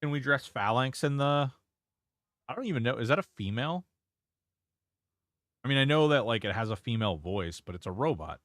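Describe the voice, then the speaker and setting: A man's voice: mid-range voice, expressive, brisk, pauses often, a bit bright, no room sound. A man streaming a game and chatting casually, rambling and reacting as he plays, swearing freely into a close desk mic. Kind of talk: casual live-stream gameplay commentary.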